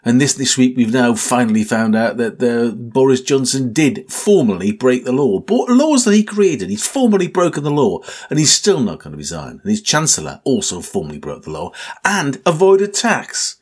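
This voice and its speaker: A man in his sixties with a husky voice, delivering an angry, swearing political rant in exasperated outbursts. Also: mid-range voice, sing-song, normal speed, hardly any pauses. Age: 60s.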